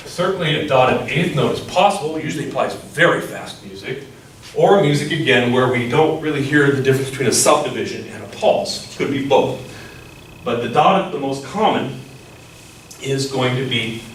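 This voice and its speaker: A man's voice: medium pitch, fairly bright tone, slight background noise. Male music teacher, explanatory lecturer who chants rhythms, recorded far from the mic in a very echoey room. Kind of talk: classroom lecture.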